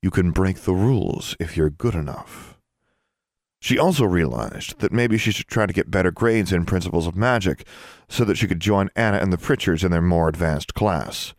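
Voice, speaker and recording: A man reading a novel aloud as narrator, steady and measured. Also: deep voice, no echo, studio quality. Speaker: audiobook narrator. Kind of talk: scripted audiobook narration.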